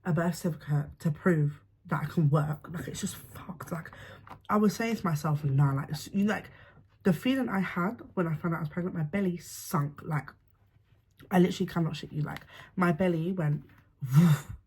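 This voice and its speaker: A woman's voice: on the low side, moderate pace, dark tone, husky. A young woman, candidly telling a personal story to camera in casual slang, swearing freely. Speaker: vlogger.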